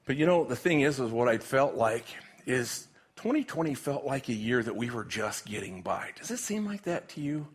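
A husky-voiced man preaching in a church, folksy and joking, often pausing and restarting his sentences. His voice sits at an everyday middle pitch. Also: very animated. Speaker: pastor. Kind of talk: sermon with prayer and jokes.

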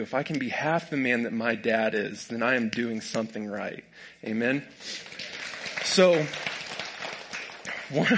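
A man's voice: mid-range voice, a bit bright. A young man preaching a humorous sermon, folksy and joking, often laughing at his own stories. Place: church sanctuary with a congregation.

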